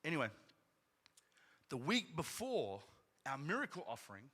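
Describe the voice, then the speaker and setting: A man preaching a sermon as pastor, telling a personal story in a conversational way, with frequent "right?" asides and loud emphatic peaks. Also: on the high side, wildly swooping pitch, moderate pace, breathy edge, big-room sound. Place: church sanctuary.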